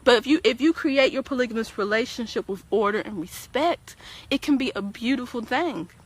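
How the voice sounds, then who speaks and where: A woman's voice: fairly high pitch, expressive, fairly quick, breathy edge. A woman talking casually on a livestream, preachy and emphatic, speaking straight to her viewers and repeating words as she starts sentences. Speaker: guest on a livestream talk show. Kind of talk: casual opinionated livestream talk.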